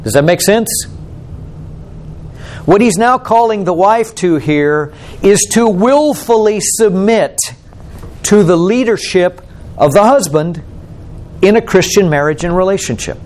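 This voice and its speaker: A man's voice: high voice, animated, unhurried, long pauses, a little mellow. A male pastor preaching a sermon, explaining scripture and asking the listeners questions. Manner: questioning, explanatory, asks the congregation.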